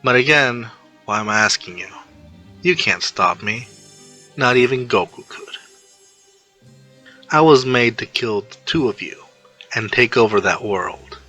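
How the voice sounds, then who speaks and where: A man voicing a cold, sneering cyborg villain who taunts slowly, sometimes dropping to a hiss. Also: mid-range voice, lively intonation, bright, forceful tone, soft background music. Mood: taunting. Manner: taunting, slow and menacing, drops to a hiss.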